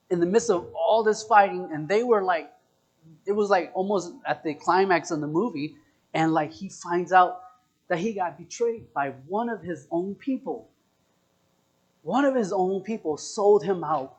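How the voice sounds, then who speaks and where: A man's voice: sits high, a little slow, long pauses, slightly rough. A young man giving a casual, chatty sermon, telling a story and quizzing the audience. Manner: animated, chatty, asks audience questions. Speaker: preacher.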